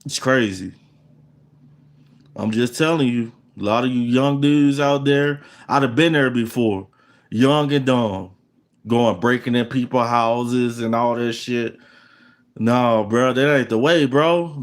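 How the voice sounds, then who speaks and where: With a medium pitch, a middle-aged man who hosts his own channel rants at the audience. His accent is African American Vernacular English, and the monologue is repetitive, boastful and threatening.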